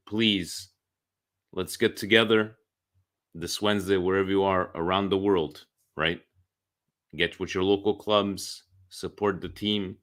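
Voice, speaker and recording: Deep, bright-toned podcast host man. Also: smooth. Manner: easygoing, rambling with fillers. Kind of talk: casual podcast chat.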